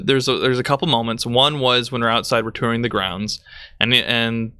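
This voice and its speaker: A man's voice: mid-range voice, fairly even intonation, moderate pace, bright, forceful tone, clean tone, no room sound, studio quality. A man from Michigan with a Midwestern accent and a little Texas twang, telling stories animatedly on a live stream and laughing often. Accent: Midwestern American with some Texas twang. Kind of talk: casual storytelling chat.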